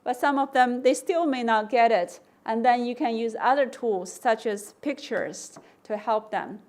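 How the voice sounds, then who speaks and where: A woman giving an academic conference lecture, explaining testing steps and acting out example prompts with slow, stressed words. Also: fairly high pitch, darkish tone. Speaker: conference speaker.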